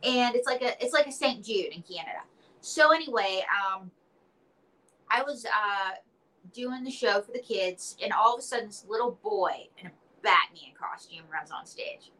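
Woman guest, chatty storyteller, bright clear tone, casual interview talk. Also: medium pitch, expressive, moderate pace, poor audio. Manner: chatty storyteller with playful acted quotes. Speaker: interview guest, entertainer and author.

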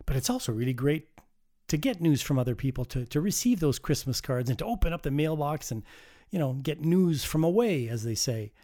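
A man's voice: a little high, very animated, fairly quick, mellow. A man hosting a community radio holiday show, chatting in a folksy way with light jokes. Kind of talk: casual radio chat.

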